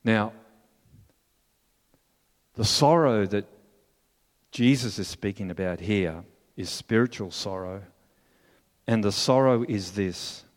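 Slow, earnest male preacher. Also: on the low side. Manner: earnest, measured, storytelling. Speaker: pastor. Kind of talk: sermon. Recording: long hall reverb.

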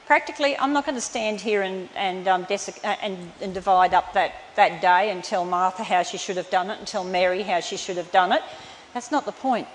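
A woman with a mid-range voice preaches a sermon briskly, earnest and emphatic at first before turning tender. She's recorded in a reverberant hall with faint room noise.

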